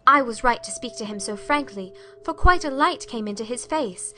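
A woman narrates a period story as a heartfelt letter. Her reading is emotive and confiding. Her voice is high and bright. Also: animated, moderate pace, slight background noise. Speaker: audiobook narrator.

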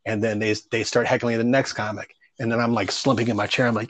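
A man's voice: on the low side, little pitch movement, fast talker, fairly bright tone. A man who does stand-up comedy, telling stories about his start in a loose, rambling way, full of fillers and casual swearing. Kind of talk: casual storytelling interview.

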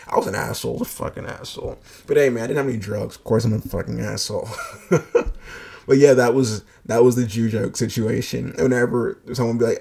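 Young guy podcast host, raspy low-key voice, swears a lot, jokey storytelling. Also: fairly quick, darkish tone. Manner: blunt, profane, joking storyteller. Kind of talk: casual storytelling monologue.

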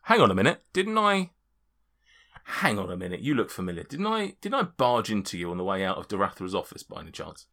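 A man's voice: on the low side, wildly swooping pitch, a little fast, pushed and bright, full character voice. A man voicing a plain, flustered farmer in his fifties who stumbles over and repeats his words. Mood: wary. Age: 50s. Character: plain middle-aged male farmer, flustered.

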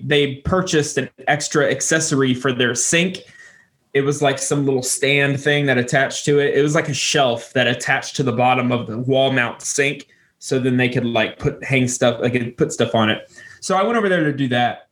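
A young man co-hosting a podcast, telling a casual story and jumping into squeaky voices for animals. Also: a bit bright. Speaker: podcast co-host.

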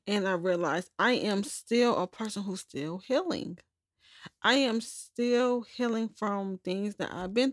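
A woman's voice: lowish voice, no echo. Candid rambling woman podcaster, dry sound. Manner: candid, rambling, repeats words, self-correcting. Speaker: podcast host. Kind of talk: personal journal-style podcast monologue.

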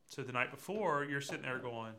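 A man's voice: medium pitch, fairly quick. A man preaching a conversational sermon, speaking directly to his listeners. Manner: lively and conversational, addresses congregation directly. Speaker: pastor.

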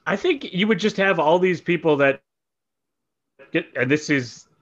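A man chats on a podcast with a bright, forceful voice, tossing in dry jokes. His audio sounds a little muffled and lo-fi. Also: fairly high pitch, lively intonation, measured pace. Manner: dry, joking asides. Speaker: podcast co-host. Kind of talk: casual chat.

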